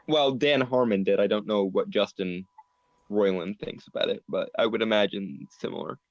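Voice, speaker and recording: A man's voice: lowish voice, normal speed, no room sound. A man co-hosting a podcast in casual chat, stumbling over restarts and joking around. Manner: stammering restarts, playful mock villain laugh. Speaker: podcast co-host. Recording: dry, dull lo-fi audio.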